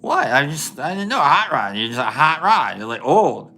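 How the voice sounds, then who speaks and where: A man's voice: a little high, big pitch swings, normal speed, bright, forceful tone. A man hosting a casual livestream, chatting with viewers while he paints, laughing often and thinking aloud with many fillers. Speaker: livestream host.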